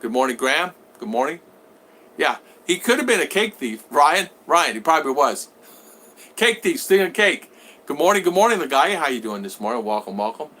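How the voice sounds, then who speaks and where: A man chats casually on a home livestream. His voice is bright and forward, and he reads comments aloud, then answers them. He rambles, restarts his sentences and repeats his words. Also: fairly high pitch, very animated, moderate pace. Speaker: vlogger reading live chat.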